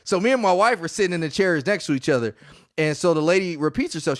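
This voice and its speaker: A man in his thirties co-hosting a podcast, telling stories in a casual, animated way and laughing often. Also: fairly high pitch, fast, dry recording, clean studio sound. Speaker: podcast co-host.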